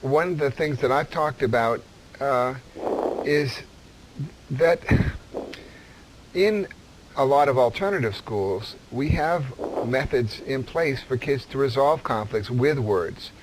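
A man hosting a radio interview, asking probing, halting questions. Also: medium pitch, background noise.

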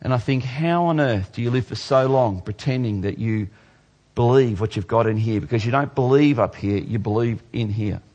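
A male pastor preaching a sermon, dropping low and slow for scripture and jumping higher for playful mock voices. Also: darkish tone, lo-fi sound.

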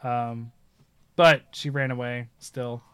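A man chatting casually about games, rambling and animated as he tells stories. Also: medium pitch, takes it slowly, smooth, dry recording. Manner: rambling, animated storytelling with laughs.

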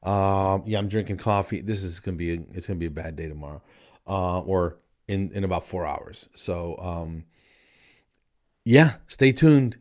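A man's voice: low voice, moderate pace, darkish tone. A man hosting his own comedy podcast, rambling and exasperated, tired late at night. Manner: rambling, exasperated, repeats himself. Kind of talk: casual stand-up style monologue.

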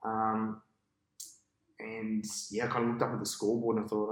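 A cricket captain telling a long match story on a podcast, in a casual, animated way and with an Australian accent. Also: male voice, lowish voice, moderate pace, reverberant, low-quality recording. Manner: animated storyteller, acts out his own past thoughts.

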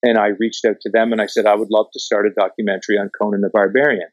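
A man's voice: lowish voice, flat delivery, fast, dry recording, poor audio. A man from Canada, a documentary filmmaker, tells stories casually, swears freely and acts out what people said. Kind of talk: casual storytelling in conversation.

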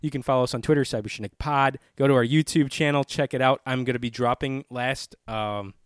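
A man's voice: mid-range voice, steady tone, a little fast, clear, resonant tone, no echo, studio quality. A young man co-hosting a casual podcast, laughing often and swearing freely. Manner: laughs often, loose and profane. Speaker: podcast co-host.

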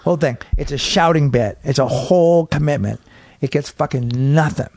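The recording is dry and studio quality, made on a podcast mic in a home studio man cave. There, a middle-aged male comedian guest with a fairly high, creaky voice tells a long, profane story at normal speed in casual chat, animatedly acting out pieces of it.

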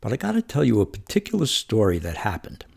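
Low, gravelly male storyteller from New York, husky, conversational and wry. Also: huge pitch swings, quick pace. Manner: conversational, vivid, wry retelling of childhood. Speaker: memoir storyteller. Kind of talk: personal storytelling monologue.

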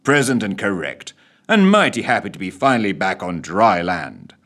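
A man's voice: low voice, very animated, moderate pace, a bit bright, full character voice. A man voicing a hearty male ship's stoker who sounds unnervingly cheery, in an audio storybook.

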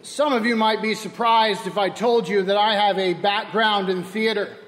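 Man, priest, sermon, high voice, wry storytelling, echoing church hall. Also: steady tone, moderate pace, a bit bright, a little hiss or hum. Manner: wry, self-deprecating storytelling.

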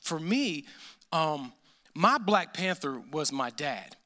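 Man, pastor, sermon, high voice, forceful and tense, emphatic, repeats phrases, hushed intense drops. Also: animated, unhurried, pauses often.

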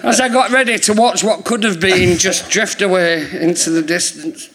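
A man's voice: high voice, moderate pace, a bit bright. A man telling rambling stories in casual chat on a theatre stage, laughing often. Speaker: guest comedian. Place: theatre stage before a live audience.

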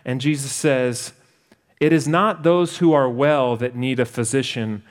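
A man delivering a sermon with an earnest, deliberate manner. He slows his pace for emphasis and speaks at an ordinary middle pitch. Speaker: preacher.

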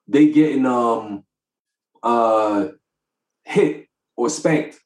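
A man co-hosting a podcast, telling stories about his kids in a casual, animated way and laughing often. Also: mid-range voice, a little slow, pauses often, reverberant, low-quality recording. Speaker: podcast co-host. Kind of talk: casual chat.

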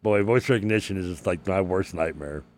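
A man's voice: low-pitched, a little fast. A man with a Southern accent and a slight lisp, co-hosting a sports radio show, laughing often and tripping over words. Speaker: radio co-host. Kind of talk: casual sports radio banter. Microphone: headset.

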